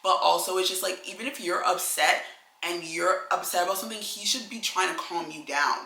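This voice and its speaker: Blunt young woman, bright and echoey. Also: fairly quick, creaky. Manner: animated, blunt, filler-heavy with "like" and "low-key". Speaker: co-host. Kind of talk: casual chat, giving advice to young women. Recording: echoey room.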